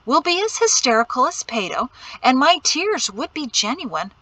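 A woman's voice: high-pitched, big pitch swings, moderate pace, sharp tone, no echo, pitched above the performer's own voice, heavily acted, poor audio. A woman reading an earnest pregnant young woman. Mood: pleading. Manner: earnest, pleading.

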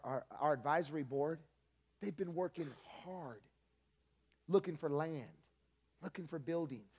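A man's voice: fairly high pitch, a little mellow. Conversational male pastor preaching. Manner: conversational, emphatic, storytelling. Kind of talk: sermon.

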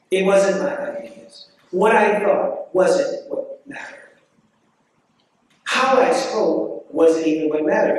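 Male guest speaker, high voice, rhetorical and insistent, recorded far off in a ringing hall. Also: a little mellow, slight background noise. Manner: rhetorical, repeating questions, drawn-out stresses. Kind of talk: impassioned debate speech. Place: debate hall.

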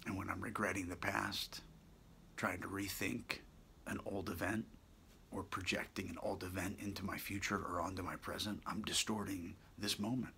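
Man, very deep voice, heavy gravelly fry, half-whispered reflective monologue, faint hiss behind. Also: flat delivery. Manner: soft-spoken, half-whispered, musing with pauses and self-corrections. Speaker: daily video blogger.

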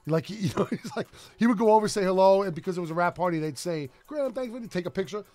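A man's voice: high-pitched, fast, a little mellow, dry recording, faint music behind. A man co-hosting a radio show, telling stories in loose, profane casual banter. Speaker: co-host.

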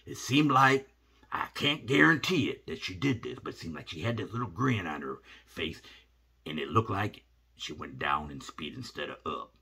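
A middle-aged man, telling a rambling comic story in a folksy, animated way. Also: deep voice, normal speed, vocal fry, husky. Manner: animated, rambling, drops to hushed asides.

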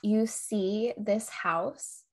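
A woman's voice: medium pitch, drawn-out words. A woman co-hosting a casual podcast, telling a scary story with suspense, swearing freely and breaking into giggles. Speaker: podcast co-host.

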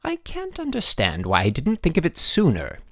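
A man's voice: mid-range voice, big pitch swings, no echo, clean studio sound. A man voicing a dignified, formal middle-aged headmaster in an audiobook. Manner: formal, measured, pleased.

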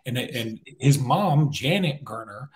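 A man's voice: mid-range voice, slow pace. A man co-hosting a sports podcast, telling stories in an easygoing way and laughing along. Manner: relaxed storyteller, laughs through stories. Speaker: podcast co-host. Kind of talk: casual sports talk.

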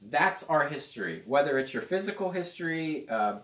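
A man's voice: fairly high pitch, sing-song, moderate pace, a bit bright. A man preaching a casual, joking sermon to a small group, now and then slipping into playful put-on accents. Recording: echoey room, mic at a distance.

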